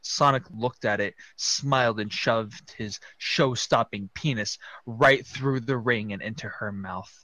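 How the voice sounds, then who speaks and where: A man reading a fan story aloud for laughs, jumping into loud voices for the characters. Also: mid-range voice, measured pace, hardly any pauses, dry recording. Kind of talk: comedic dramatic reading.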